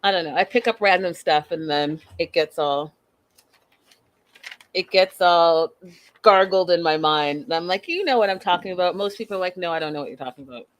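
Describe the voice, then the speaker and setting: A woman's voice: lowish voice, normal speed, no room sound. A woman hosting a live recap of a reality show, talking bluntly and with sass, often acting out the people she discusses. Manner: blunt, sassy and animated, mocks and acts out the cast members. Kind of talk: live-stream recap commentary.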